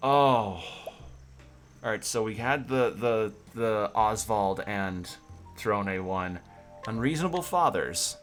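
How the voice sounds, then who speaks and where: Excitable man streaming a game. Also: on the low side, slow, faint music behind. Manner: gushing, excitable, repeats himself. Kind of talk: casual let's-play commentary.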